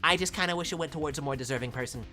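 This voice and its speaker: A woman's voice: low voice, racing, pushed and bright, faint music behind. A woman streamer chatting casually and playfully with her viewers, teasing and joking as she talks. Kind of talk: casual live-stream chat.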